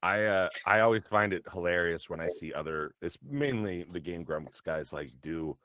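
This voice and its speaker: A man's voice: low voice, expressive, moderate pace, pushed and bright, dry recording. A young adult man chatting casually on a livestream, telling a rambling story with laughs and acting out quotes. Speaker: voice actor and guest on a developer livestream.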